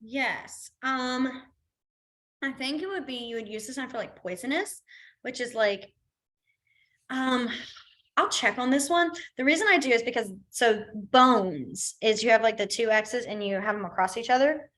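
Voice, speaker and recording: Young woman teacher, bright tone, chatty, rambling, laughs easily. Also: a little high, measured pace. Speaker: sign language teacher. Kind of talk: online class instruction.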